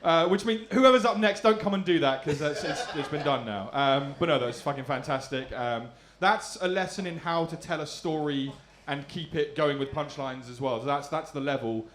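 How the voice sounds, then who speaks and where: A man's voice: fairly high pitch, moderate pace, few pauses, a bit bright, slight background noise. Jokey man in an echoey club. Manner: jokey, laughing, swears. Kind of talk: casual feedback.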